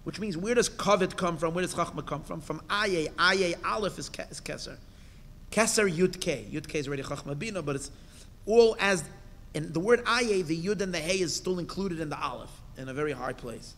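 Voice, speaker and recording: A man's voice: fairly high pitch, fairly quick, a bit bright. A man, a rabbi, giving a Torah class. He reads a Hebrew text phrase by phrase and explains each in English, with emphatic bursts and questions. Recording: long hall reverb.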